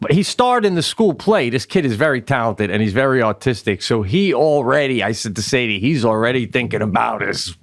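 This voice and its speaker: A man's voice: mid-range voice, animated, brisk, gravelly, hardly any pauses, no echo, studio quality. A middle-aged man co-hosting a podcast, rambling in casual comedic chat, laughing often and swearing freely. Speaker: podcast co-host.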